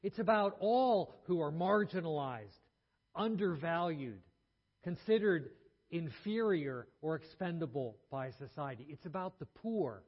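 A man's voice: fairly high pitch, expressive, unhurried, breathy edge. A man preaching a sermon, telling a story earnestly and often restarting his words. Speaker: pastor. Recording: muffled sound in a reverberant hall.

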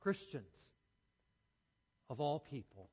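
Earnest preacher in a reverberant hall. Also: male voice, medium pitch, big pitch swings, slow, slightly rough. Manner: earnest storytelling with frequent restarts. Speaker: pastor. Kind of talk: sermon. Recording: muffled sound in a reverberant hall.

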